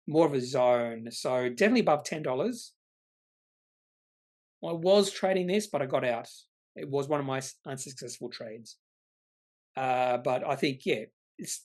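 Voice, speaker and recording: A man, hosting an investing channel and answering viewer comments in a rambling, opinionated way. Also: mid-range voice. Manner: rambling, opinionated, self-correcting.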